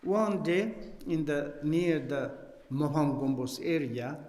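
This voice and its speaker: A man gives a Buddhist teaching at a very slow pace, his voice pitched a little high. His English is halting and non-native, full of restarts, and he jokes with his listeners. The hall is echoey, and a long reverb trails after his words. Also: animated, darkish tone. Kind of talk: teaching on a text, telling a story.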